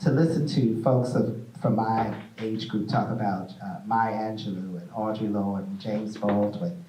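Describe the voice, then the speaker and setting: A man hosting a stage interview, playful and animated as he tells stories. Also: lowish voice, measured pace, distant mic, a little hiss or hum. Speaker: host. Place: theater stage. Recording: echoey room, mic from afar.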